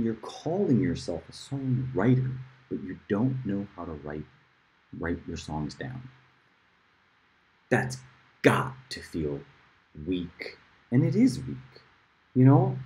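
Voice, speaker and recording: A man teaching a casual music lesson at a board, rambling, with loud bursts of emphasis and murmured asides. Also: fairly low pitch, husky, low-quality recording.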